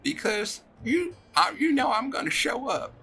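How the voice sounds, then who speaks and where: A man's voice: very high voice, sing-song, a little slow, vocal fry, sharp tone, slight background noise, pitched above the performer's own voice, full character voice. A man voicing a doting, tearful motherly woman in a tabletop game, pleading and emotional. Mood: fussing, pleading. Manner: pleading, emotional, sobbing outbursts. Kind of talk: tabletop role-play character voice.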